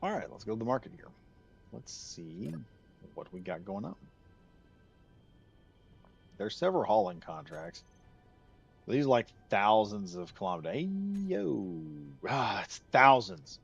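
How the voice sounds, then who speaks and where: A man's voice: lowish voice, sing-song, measured pace, gravelly, long pauses, breathy edge, muffled recording, soft background music. A man from the United States giving rambling, chatty commentary while streaming a game, laughing easily. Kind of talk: casual gameplay commentary.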